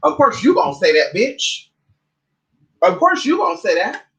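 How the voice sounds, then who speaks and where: A woman's voice: mid-range voice, huge pitch swings, moderate pace, low-quality recording. A woman hosting a casual livestream, ranting in a sassy, profane, rambling way while eating. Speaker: livestream host.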